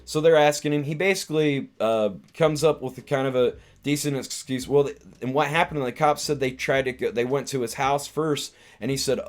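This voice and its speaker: A man's voice: mid-range voice, steady tone, a little fast, few pauses. A man casually retelling a film's scenes on a live stream, meandering and restarting his sentences often. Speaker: streamer and comedian reviewing a film.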